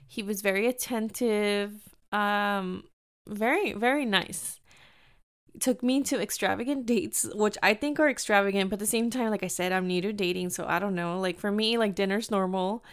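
A young woman casually telling a dating story, chatty and full of "like", acting out quoted lines in a higher voice. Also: normal speed, clean tone. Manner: chatty, fillers "like" constantly, acts out quotes in higher pitch. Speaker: storyteller sharing dating experiences.

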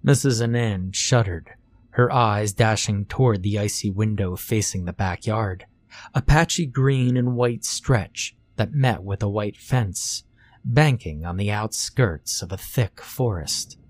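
A man narrating a scripted horror story in a slow, hushed way. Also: lowish voice.

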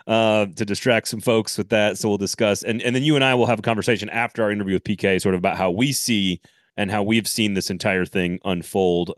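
A man co-hosting a casual sports podcast, animated and rambling, often laughing and restarting. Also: fairly low pitch, dry recording, clean studio sound. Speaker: podcast co-host.

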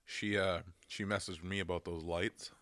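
A man's voice: sits low, fairly even intonation, normal speed, a bit bright, no room sound, studio quality. A man with an Upper Midwest American accent co-hosting a podcast, blunt and joking, laughing often. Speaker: podcast co-host. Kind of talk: casual chat.

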